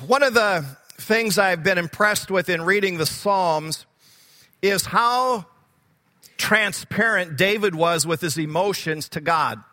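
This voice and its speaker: A man's voice: sits high, takes it slowly, pushed and bright, in a large hall. A man preaching a sermon, earnest and repeating key words for emphasis, growing fervent when he quotes scripture.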